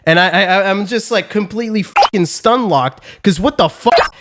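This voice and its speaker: A man telling a story on a podcast in a casual, animated, profane way with lots of fillers. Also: high-pitched, normal speed, heavy background noise.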